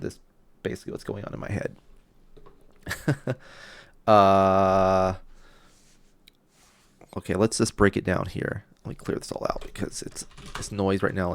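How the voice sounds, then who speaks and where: A man's voice: lowish voice, vocal fry. A man streaming live as he codes a game, thinking aloud and muttering to himself, sometimes dropping to a whisper, loopy and self-deprecating. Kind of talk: live-stream coding talk.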